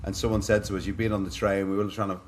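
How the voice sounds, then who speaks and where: Here a middle-aged man from Liverpool, with an English accent and a lowish, level voice, races through candid personal stories as a podcast guest, chatting anecdotally and calling the host "mate". A little hiss or hum can be heard.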